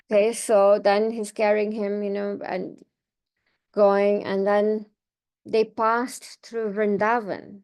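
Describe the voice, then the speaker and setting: A woman's voice: mid-range voice, little pitch movement, takes it slowly, darkish tone, clear, resonant tone. A woman speaker retelling a scripture story in a reading class, conversational with many fillers and restarts.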